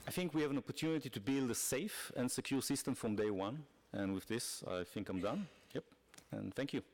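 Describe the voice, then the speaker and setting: A man's voice: mid-range voice, brisk. A man speaking for industry on a conference panel, emphatic and persuasive. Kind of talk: conference talk.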